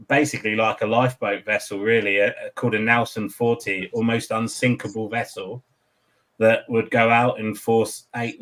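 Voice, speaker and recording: English male guest, 40s, low flat delivery, relaxed and earnest. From England. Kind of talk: casual chat.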